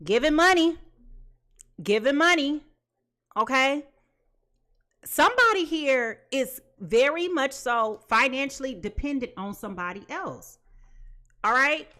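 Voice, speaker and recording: A woman's voice: high voice, animated, measured pace, long pauses, bright, forceful tone. A woman giving a live tarot reading in a chatty manner, repeating her phrases and laughing often. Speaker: tarot reader.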